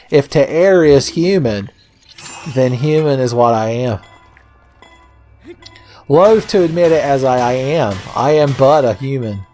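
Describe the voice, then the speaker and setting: A man's voice: mid-range voice, a little mellow. A man hosting a video game let's play, ranting at a puzzle in a sarcastic, swearing, mock-exasperated way. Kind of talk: casual gameplay commentary.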